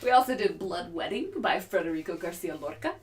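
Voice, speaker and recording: A woman's voice: lowish voice, animated, fairly quick, a little hiss or hum. A woman chatting casually at a tabletop game, giggly and rambling. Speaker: tabletop role-play player. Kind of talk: casual chat. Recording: voice far from the mic.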